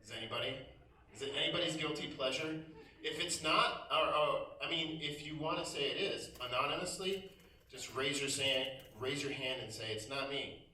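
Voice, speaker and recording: A male stand-up comic on a club stage, chatting wryly with the audience in a bright, slightly high voice. The sound is roomy and heard from some distance off the mic. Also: normal speed, a little hiss or hum. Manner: conversational, wry, addresses the crowd. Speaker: stand-up comedian. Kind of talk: stand-up comedy set.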